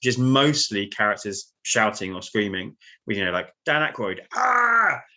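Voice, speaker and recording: A man's voice: on the low side, moderate pace, sharp tone. A man, a podcast guest making dry, sarcastic remarks about a film. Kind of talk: casual film review chat.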